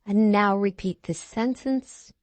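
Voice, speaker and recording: A woman's voice: mid-range voice, takes it slowly. A woman reading short instruction prompts in a language lesson. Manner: brief, even instructions.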